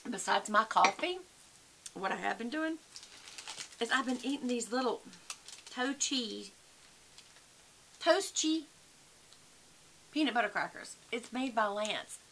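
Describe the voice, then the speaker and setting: A woman's voice: a little high, expressive, slow pace, long pauses, bright, forceful tone, a little hiss or hum. A woman, chatting casually and rambling to her viewers at home, calling them y'all. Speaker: vlogger. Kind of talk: casual chat to camera.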